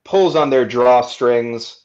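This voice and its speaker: A man narrating his character's actions in a tabletop role-playing stream, halting with many fillers and restarts. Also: mid-range voice, a little mellow, muffled recording. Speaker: player.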